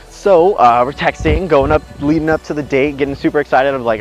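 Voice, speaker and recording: A man's voice: a little high, moderate pace, low-quality recording. A young man telling a story as he walks outdoors, rambling and blunt, swearing freely and acting out what each person said. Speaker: vlogger. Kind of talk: casual storytelling while walking. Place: outdoors on a windy walk. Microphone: handheld camera. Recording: windy outdoor camera audio over music.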